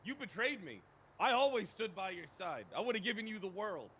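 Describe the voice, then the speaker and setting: A man's voice: high-pitched, expressive, moderate pace, sharp tone, breathy edge. A man roleplaying a cop in a heated, swearing rant, with his voice cracking with indignation. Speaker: roleplayer playing a police character. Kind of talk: heated GTA roleplay argument.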